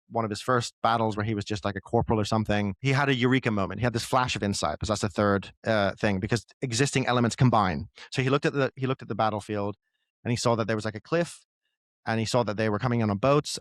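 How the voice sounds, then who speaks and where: A man's voice: on the low side, dry recording. A man, a writer, talking as a guest in a casual conversation, explaining ideas loosely with lots of fillers.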